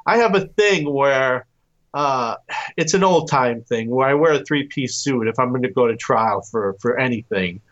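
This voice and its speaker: A man telling his own stories as a guest in a casual interview, easygoing and quick to chuckle. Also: medium pitch, lively intonation, a bit bright, muffled recording. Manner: easygoing storyteller, chuckles often. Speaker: podcast guest.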